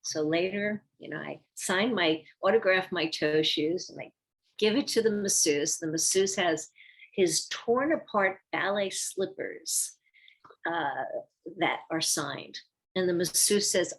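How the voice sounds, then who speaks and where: With a lowish, unhurried voice, an older former ballerina tells stories from her dancing career during a casual interview. She brings them to life by acting out what people said.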